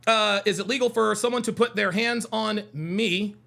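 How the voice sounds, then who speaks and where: Running a call-in show on a livestream, a young man fires back at chat with scornful, combative remarks, repeating himself to press his points. He talks at a normal speed in a high, gravelly, forceful voice whose pitch swings widely.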